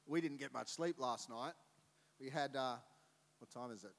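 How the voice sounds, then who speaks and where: A middle-aged man preaching a sermon as a pastor, telling stories in an animated way and acting out voices. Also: medium pitch, moderate pace, creaky. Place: church auditorium. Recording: long reverb of a church hall.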